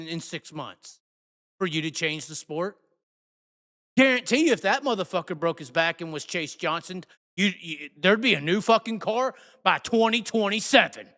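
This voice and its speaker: A man hosting a live show, ranting angrily and cursing, swinging between shouts and mutters. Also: high-pitched, long reverb tail. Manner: heated, profane, shifts from shouting to muttering. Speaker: host. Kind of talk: angry live rant.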